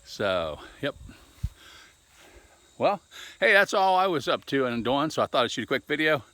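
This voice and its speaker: A man's voice: mid-range voice, very animated, moderate pace, bright, forceful tone, no room sound. A man chatting casually to his camera outdoors in a folksy, joking way. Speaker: hobbyist vlogger. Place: outdoors in the yard.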